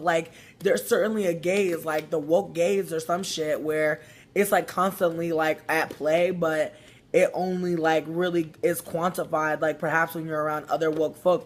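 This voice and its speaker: A man ranting casually on a phone livestream, profane and rambling, with lots of "like" fillers. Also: high voice. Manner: profane, rambling, heavy use of "like". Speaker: vlogger.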